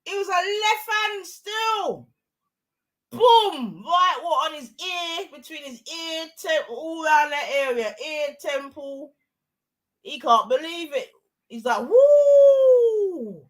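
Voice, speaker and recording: Excitable woman shouting fight calls. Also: high voice, slow. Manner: excitable, shouting, slang-heavy. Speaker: watch-along streamer. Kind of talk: live fight commentary.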